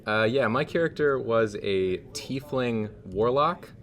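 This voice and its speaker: A man describing his game character in a relaxed way, thinking aloud as he draws. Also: mid-range voice, slow. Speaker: player. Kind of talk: casual comedic banter.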